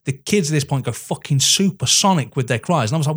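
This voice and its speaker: A man co-hosting a casual movie commentary, swearing, laughing often and doing quick impressions. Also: a little high, expressive. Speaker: podcast co-host.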